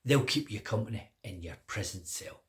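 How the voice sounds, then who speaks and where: A man's voice: expressive, normal speed, lightly acted. An older man voicing a short-tempered king in a told children's story, barking orders in a raised voice. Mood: commanding. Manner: barking orders, loud and high.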